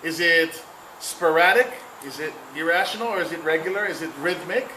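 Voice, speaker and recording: A man with a slightly high voice speaks fairly quickly, giving a playful cultural talk in an interactive public setting and pulling the audience into call-and-response. The recording has an echoey room and noisy ambience.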